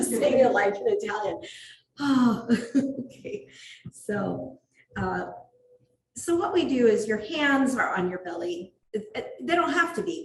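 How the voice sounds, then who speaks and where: A woman yoga instructor guiding a class with calm, unhurried cues and occasional laughing asides about herself. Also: medium pitch. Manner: calm cueing with light self-laughing asides. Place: athletic club studio. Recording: roomy echo from far off, faint ambient noise.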